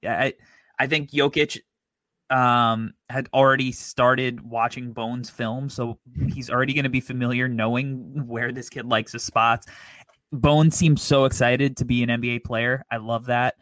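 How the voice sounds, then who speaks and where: A man co-hosting a sports podcast in an upbeat, easygoing way, pausing on "um" and "you know". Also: medium pitch, steady tone, a bit bright, no echo. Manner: upbeat, easygoing, measured with fillers. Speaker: podcast co-host. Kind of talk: casual sports podcast chat.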